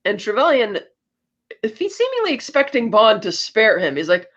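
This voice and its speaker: A woman's voice: a little high, big pitch swings, moderate pace, a bit bright, lo-fi sound. A woman co-hosting a podcast, retelling a film plot in a rambling, chatty way. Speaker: podcast co-host. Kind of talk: casual chat recapping a film plot.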